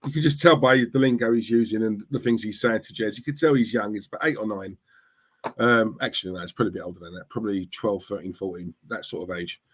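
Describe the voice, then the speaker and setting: A man's voice: lowish voice, quick pace, slight background noise. A man chatting live with his viewers, teasing and talking straight to the chat. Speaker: livestream host. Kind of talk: casual live-stream chat.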